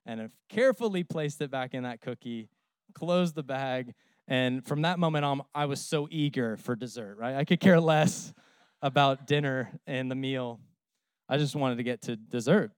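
A man's voice: medium pitch, moderate pace, smooth, no room sound, clean studio sound. A man in his thirties, a pastor, preaching a sermon in a conversational, humorous storytelling way.

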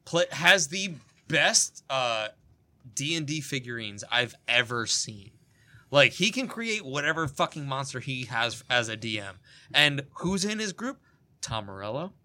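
A man chatting casually among friends, excitable and quick to swear and laugh. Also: medium pitch. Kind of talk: casual banter.

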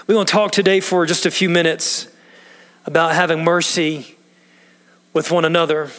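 A man's voice: on the high side, little pitch movement, moderate pace, a bit bright. A man preaching a sermon as pastor, earnest and emphatic, asking the congregation questions as he explains a passage. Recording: long reverb of a large hall.

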